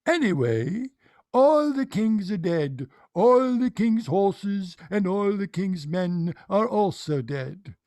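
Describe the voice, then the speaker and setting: A man's voice: high voice, sing-song, slow, a little mellow, no room sound, clean studio sound, heavily acted. Man playing Doctor Gloob, pompous oddball shrink. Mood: rambling. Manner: pompous, odd mixed accent, rambling. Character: eccentric male psychiatrist who treats the bizarre. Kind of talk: comedy character bit.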